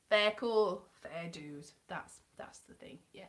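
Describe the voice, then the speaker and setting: A woman's voice: medium pitch, big pitch swings, moderate pace, few pauses. A woman from South Wales, chatting casually and self-deprecatingly on a live stream.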